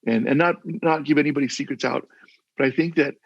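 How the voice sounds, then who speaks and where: An older man, formerly a mayor, tells stories as a guest in a casual interview over a video call. He speaks a little fast at a fairly high pitch, earnest and rambling with many restarts. The recording is dry, with the highs cut off.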